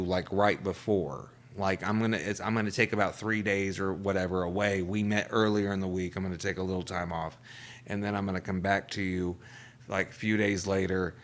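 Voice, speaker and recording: A man hosting a comedy show, delivering a casual, profane monologue and jumping into quick quoted voices. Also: fairly low pitch, a bit bright.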